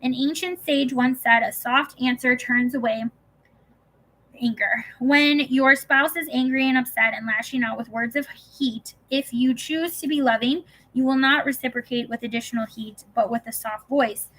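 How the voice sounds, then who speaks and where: A woman narrates an audiobook with a bright, clear tone that sits a little high for her. Her reading is calm and even, with gentle emphasis on key phrases. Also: moderate pace, rough recording.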